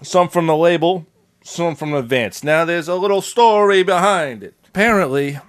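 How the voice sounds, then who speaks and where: A man on a comedy podcast narrating a story in a put-on wiseguy accent. His voice sits slightly high for a man, chatty and playful. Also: normal speed, smooth. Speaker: podcast co-host telling a story.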